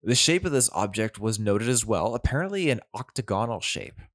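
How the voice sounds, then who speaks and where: Guy vlogging, lowish voice, dry close sound, skeptical and chatty, goes off on tangents. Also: very animated, a little fast, a bit bright, dry recording. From Canada. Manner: conversational, skeptical, digressive asides. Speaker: commentary channel host. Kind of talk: opinionated commentary vlog.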